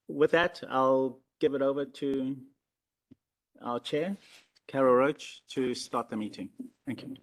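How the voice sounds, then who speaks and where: A man giving procedural announcements at the opening of a formal meeting, measured and instructive, with some fillers. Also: medium pitch.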